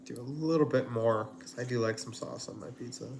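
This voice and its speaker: A man hosting a cooking livestream talks at an ordinary pitch and fairly quick pace while he cooks. His casual chat is loose and rambling, packed with fillers and asides. Recorded in a home kitchen, it picks up clear background noise and the crinkle of packaging.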